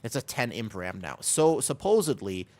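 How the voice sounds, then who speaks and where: A man's voice: medium pitch, big pitch swings, normal speed, darkish tone. Man rambling casually while streaming a game. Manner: rambling, many "like" fillers, talking to chat between game callouts.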